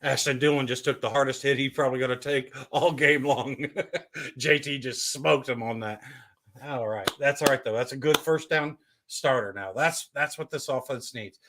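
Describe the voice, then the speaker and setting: A man's voice: medium pitch, normal speed, fairly bright tone, slight background noise. A man co-hosting a live game reaction stream, cheering on his team and chatting casually. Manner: cheering fan, casual banter. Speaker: co-host fan.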